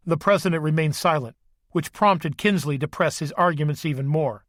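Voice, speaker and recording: A man narrating an audiobook in an even, steady reading voice that sits slightly high. The sound is close and dry, with no room echo. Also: moderate pace. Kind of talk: scripted narration.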